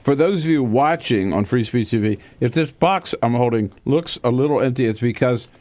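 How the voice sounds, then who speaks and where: An older man hosting a morning radio talk show, chatting casually, laughing often and firing off quick questions at a studio mic. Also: medium pitch, a little mellow.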